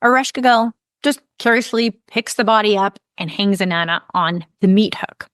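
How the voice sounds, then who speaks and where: A woman hosting a podcast, retelling an ancient myth in a calm, measured storytelling voice. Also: mid-range voice, smooth, no room sound, clean studio sound. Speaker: podcast host.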